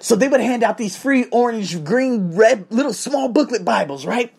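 Gravelly, husky man telling a story. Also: very high voice, normal speed. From Las Vegas, USA. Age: 30s. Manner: animated, profane, laughs often. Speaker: storyteller talking to viewers. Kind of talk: casual storytelling monologue.

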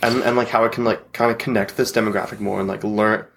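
A man's voice: lowish voice, level tone, fast, creaky, fairly bright tone. A man hosting a podcast who asks questions hesitantly, stammering and repeating his words. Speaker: podcast host. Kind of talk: casual interview chat.

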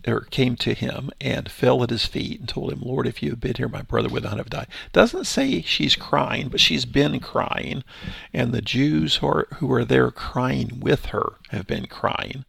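A man reading Bible verses aloud and explaining them in a relaxed, thinking-aloud teaching style. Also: mid-range voice, unhurried, creaky, breathy edge, no room sound, studio quality. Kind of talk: Bible study commentary.

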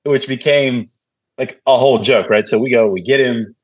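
In a mid-range voice at regular speed, this male podcast guest narrates stories in a friendly chat. He brings energy to it, performing the voices of those he quotes.

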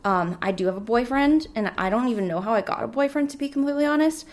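A young woman in her twenties hosts a casual solo podcast, rambling cheerfully with plenty of filler words. Her voice sits a little high and sounds slightly hoarse, as if she is losing it. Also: expressive, fast talker. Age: 20s. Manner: rambling, chatty, full of "like" fillers. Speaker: podcast host.

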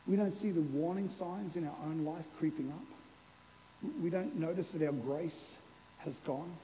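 Lively male pastor in a reverberant hall. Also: fairly high pitch, measured pace, a little hiss or hum. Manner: lively and playful, with an object lesson. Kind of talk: sermon. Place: church hall before a congregation.

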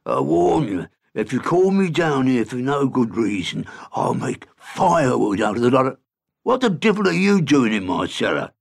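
Male narrator doing a big angry innkeeper, roaring, rough gravelly voice. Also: expressive, normal speed, few pauses. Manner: booming, roaring. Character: enormous angry innkeeper man, booming and suspicious.

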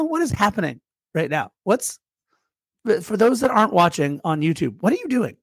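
A man's voice: sits high, big pitch swings, normal speed, a bit bright, dry recording. A man co-hosting a casual soccer podcast, teasing his co-host and reading sponsor plugs. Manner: playful ribbing, reads sponsor plugs. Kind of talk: casual chat.

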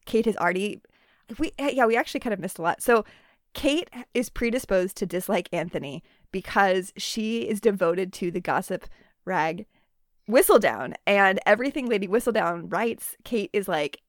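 A woman co-hosting a casual book chat, retelling scenes with quick acted asides. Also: medium pitch, expressive, dry recording, clean studio sound. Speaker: podcast co-host.

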